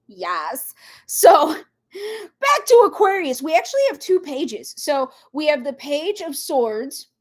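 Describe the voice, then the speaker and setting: High-voiced woman rambling. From Minnesota. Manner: rambling, animated, full of side tangents. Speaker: tarot reader. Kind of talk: casual livestream chat.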